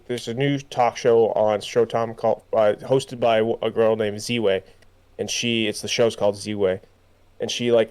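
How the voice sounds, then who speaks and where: A young man with a smooth, resonant voice at a middling pitch, chatting loosely as a podcast co-host. He rambles, starts sentences over and leans on fillers as he goes. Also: a little mellow. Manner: rambling, full of fillers and restarts. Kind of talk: casual chat.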